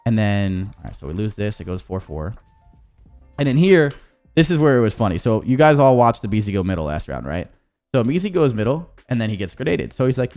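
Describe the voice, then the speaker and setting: Male esports coach, deep-ish voice, casual rambling breakdown, faint music bed. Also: big pitch swings, a little fast, darkish tone. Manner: rambling, profane, many restarts. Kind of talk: casual gameplay review.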